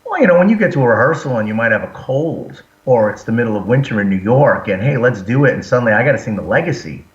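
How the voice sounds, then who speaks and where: In a roomy, muffled lo-fi recording, a metal frontman and singer shares stories as an interview guest, speaking quickly in a mid-range voice. The chat is casual, and he's an animated storyteller who acts out quotes.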